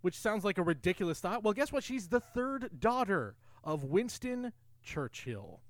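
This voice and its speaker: A man's voice: high voice, sing-song, moderate pace, dry recording. A man co-hosting a podcast, enthusiastically recapping a film's plot and trivia in casual chat. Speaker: podcast co-host. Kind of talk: casual film discussion.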